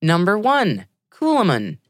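A woman's voice: fairly low pitch, wildly swooping pitch, measured pace, no room sound. A woman hosting a news podcast, reading a script with a chatty, joking manner. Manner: chatty, jokey asides. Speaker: podcast host.

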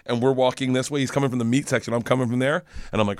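A man's voice: mid-range voice, rapid-fire, few pauses, no room sound, studio quality. Rambling, profane man telling stories. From Florida. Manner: rambling, profane, animated storyteller. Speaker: podcast guest, comedian. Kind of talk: casual storytelling chat.

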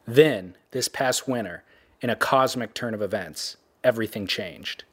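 A man interviewing a surfer and narrating a documentary in a measured, plain way. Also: lowish voice.

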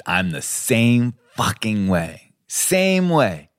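A man co-hosting a podcast in casual chat, blunt and swearing freely, quick to agree with his partner. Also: on the low side, big pitch swings. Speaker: podcast co-host.

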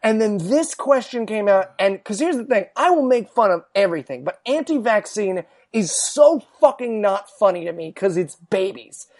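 A man ranting comedically about politics, loud and profane, slipping into mocking voices. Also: high voice, animated, normal speed, hardly any pauses. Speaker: podcast guest.

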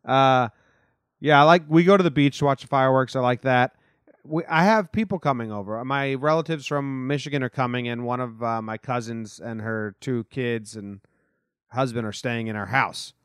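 A man hosts a casual podcast from a small house, talking in a loose, easygoing ramble. His voice sits at an ordinary middle pitch. The recording is dry, with no room echo. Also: normal speed, clean tone. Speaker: podcast host. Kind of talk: casual chat.

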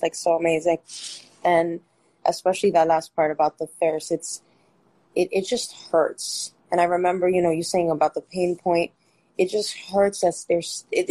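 A woman who is a coaching client and former teacher, speaking earnestly and a little haltingly, clearly moved. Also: lowish voice, warm tone, rough recording. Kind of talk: casual conversation.

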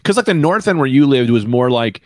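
A man's voice: medium pitch, animated, brisk, a little mellow, dry recording, clean studio sound. A man co-hosting a casual chat over a remote call, telling rambling stories and swearing freely. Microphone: remote call mic.

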